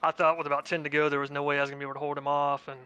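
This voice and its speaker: A man's voice: a little high, level tone, rapid-fire, pushed and bright, smooth, lo-fi sound. A man who just won a sim race, recapping it in a rambling post-race interview full of fillers. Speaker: race winner, sim racing driver.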